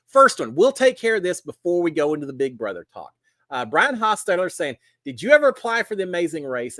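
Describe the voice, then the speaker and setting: A man's voice: fairly high pitch, sharp tone, no room sound. A middle-aged man, hosting a casual live stream with a folksy, chatty manner.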